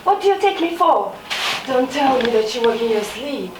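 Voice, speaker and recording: An actress on stage playing a bitter, resentful maid who talks with sarcasm and sudden outbursts. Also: female voice, high voice, big pitch swings, normal speed. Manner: sarcastic, mocking, swings into outbursts. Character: bitter, resentful young maid, scornful and fierce. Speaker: stage actor. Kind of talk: live stage drama. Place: small theatre stage. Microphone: distant room mic. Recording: echoey theatre from far off, faint noise.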